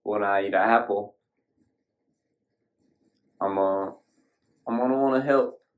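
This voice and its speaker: A man's voice: lowish voice, slow pace, low-quality recording. A man hosting a solo podcast, sitting alone at a screen, talking in a folksy, rambling way with casual swearing. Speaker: podcast host.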